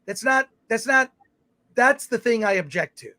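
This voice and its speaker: A man's voice: extremely high pitch, expressive, normal speed, bright, forceful tone, no echo. A man co-hosting a live film talk show, rambling through his points with many restarts and reading viewer comments aloud. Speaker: podcast co-host. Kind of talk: casual chat.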